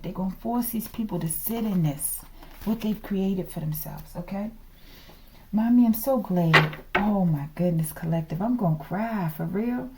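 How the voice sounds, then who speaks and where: A woman's voice: medium pitch, normal speed, warm tone, slight background noise. A woman giving a casual tarot reading, thinking aloud and dropping into whispered asides to the viewers. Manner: drops into whispered asides, often addresses the viewers as the collective; rambling, thinks aloud with frequent sighs and laughs. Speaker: tarot reader.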